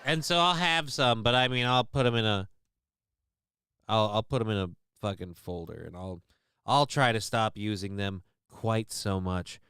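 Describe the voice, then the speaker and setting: A man's voice: on the low side, moderate pace, sharp tone, clean tone, dry recording, studio quality. A man hosting a livestream, talking casually in a rambling, profane, self-mocking way. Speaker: livestream host.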